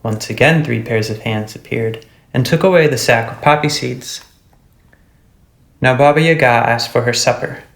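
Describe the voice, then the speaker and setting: A man narrating a fairy tale storybook in a steady, measured way. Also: medium pitch, creaky, reverberant, poor audio. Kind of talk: storybook reading.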